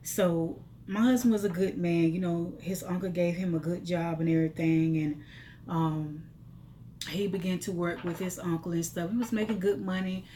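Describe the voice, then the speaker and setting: A woman's voice: lowish voice, fairly even intonation, moderate pace, mellow, slight background noise. A middle-aged woman telling her life story to viewers in an emotional, testifying, repetitive way.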